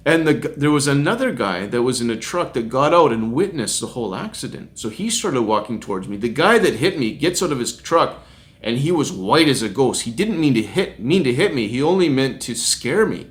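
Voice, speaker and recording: A man's voice: mid-range voice, sing-song, moderate pace. A middle-aged man, a street minister, telling a personal testimony story and often chuckling as he recounts it. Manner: chuckles often while recounting, acts out quoted voices.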